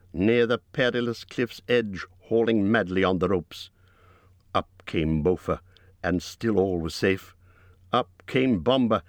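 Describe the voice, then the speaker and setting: A man reading a fantasy story aloud as an audiobook narrator, measured and dramatic. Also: lowish voice, dry recording, studio quality.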